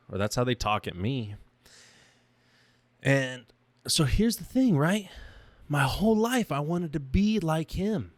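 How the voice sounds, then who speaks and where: A man's voice: on the high side, big pitch swings, slow, pauses often, dry recording. A young man hosting his own podcast, talking about himself in a raw, emotional monologue that halts and restarts. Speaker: podcast host. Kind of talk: personal reflective monologue.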